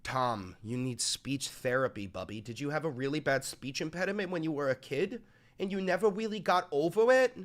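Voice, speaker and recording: A man's voice: fairly high pitch, lively intonation, moderate pace. A man live-streaming scornful, profane commentary over news clips. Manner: scornful, heavy swearing.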